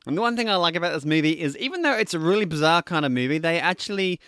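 A man talks through a movie review in a loose, rambling way, full of fillers and restarts. His voice is fairly high for a man, smooth and clear. The recording is dry and close. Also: lively intonation, rapid-fire, bright, forceful tone, no room sound. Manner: rambling, filler-heavy, acts out scenes in quotes.

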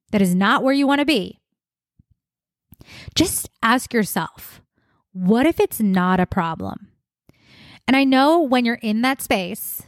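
A woman's voice: on the high side, no echo, studio quality. A young adult woman hosting a solo wellness podcast, talking in an upbeat, conversational way and repeating words for emphasis. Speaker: podcast host, wellness coach.

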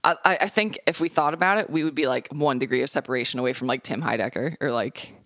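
Bright-voiced podcast co-host with quick asides. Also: medium pitch, dry recording, clean studio sound. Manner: quick reactive interjections, playful asides. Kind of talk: casual chat.

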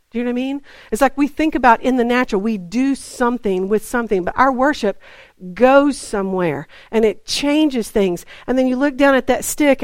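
Chatty woman preacher, higher voice. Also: darkish tone, dry recording. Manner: chatty, acts out dialogue with God. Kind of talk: storytelling sermon.

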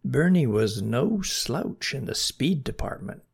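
Storybook narration, gentle, expressive, husky voice, unhurried. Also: medium pitch.

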